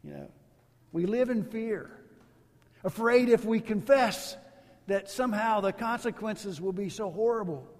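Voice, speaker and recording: A man's voice: high-pitched, a little slow, long reverb tail. A man preaching a sermon as a pastor, in a casual, storytelling way with rhetorical asides.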